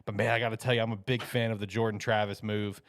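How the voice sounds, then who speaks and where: A man with a lowish, smooth voice, co-hosting a football show. He talks with enthusiasm and emphasis in a casual way. The sound is dry and close. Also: little pitch movement, fast talker, no echo. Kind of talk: casual sports chat.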